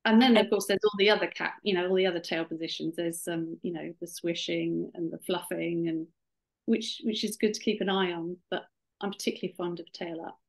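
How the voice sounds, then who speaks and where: She talks a little fast in a steady tone, her voice on the low side, in a low-quality recording. The middle-aged woman is an author and cat behaviour scientist appearing as a webinar guest over video call, chatty and warm, with many restarts and plenty of "you know".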